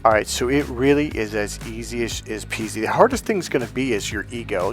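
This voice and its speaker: A male life coach telling stories in a casual, animated way, bluntly swearing and acting out the people he quotes with raised voices. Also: on the low side, fairly quick, hardly any pauses, faint music behind. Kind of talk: casual storytelling monologue.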